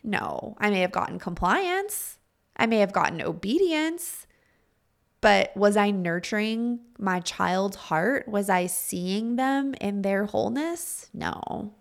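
Brief: woman, middle-aged host, earnest and confiding, gravelly fry at phrase ends, mid-pitched. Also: lively intonation, slow. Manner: earnest and confiding, asks listeners direct questions. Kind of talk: reflective spoken monologue.

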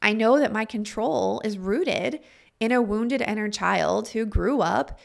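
A woman's voice: medium pitch, measured pace, creaky. A middle-aged woman in a reflective spoken monologue, earnest and confiding, asking her listeners direct questions.

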